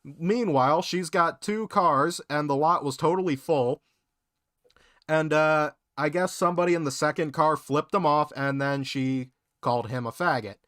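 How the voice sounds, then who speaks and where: A young man casually telling work stories in a podcast chat, animated and full of profanity. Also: on the high side, moderate pace, dry recording, studio quality. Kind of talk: casual storytelling.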